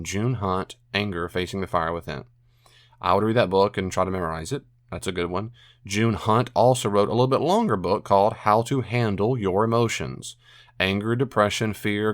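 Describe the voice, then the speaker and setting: A man's voice: low voice, no room sound, clean studio sound. A man hosting a podcast, giving earnest Christian advice on anger and repeating phrases for emphasis. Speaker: podcast host answering a listener question.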